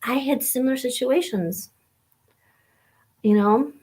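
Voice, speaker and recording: A woman hosting a live stream, talking in a halting way with many fillers and repeated words, sometimes dropping to a whisper. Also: high-pitched, a little mellow, slightly rough. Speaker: host of a weekly live stream. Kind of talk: casual personal talk.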